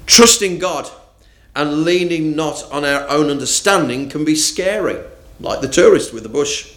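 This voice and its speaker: A man preaching a morning sermon, reading scripture and speaking with deliberate emphasis. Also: a little high, fairly bright tone. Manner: slow, deliberate, with rising and falling emphasis.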